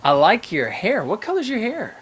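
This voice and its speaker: A man's voice: sits high, wildly swooping pitch, normal speed, a bit bright, breathy edge. A man hosting a live call-in show, coaching young callers in a playful, upbeat way, asking questions and running little games.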